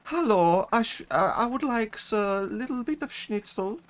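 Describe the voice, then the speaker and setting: A man putting on a high, giggly mock-German accent as a jokey impression during a game stream. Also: animated, moderate pace, slight background noise. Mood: cheery, giggly. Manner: high, giggly, over-sweet delivery.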